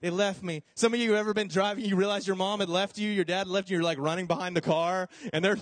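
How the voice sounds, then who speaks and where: Casting: young male preacher, high voice, close dry sound, playful storyteller who slips into comic voices. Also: fast, dry recording. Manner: animated, jokey, acts out voices in quotes. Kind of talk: casual storytelling sermon.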